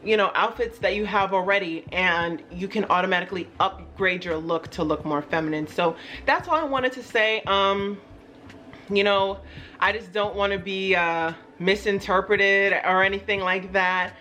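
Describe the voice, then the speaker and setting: A woman's voice: medium pitch, normal speed, bright, forceful tone. A young woman hosting her own channel, talking in a chatty, rambling, self-deprecating way. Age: young adult. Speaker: YouTube host. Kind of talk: casual vlog chat.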